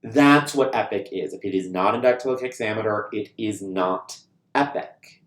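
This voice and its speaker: A man's voice: lowish voice, normal speed. A man giving a recorded university lecture to camera, chatty and informal, often checking in with "right?" and now and then swearing. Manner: casual and lively, frequent "right?" check-ins, mild swearing. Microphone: camera mic. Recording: echoey room.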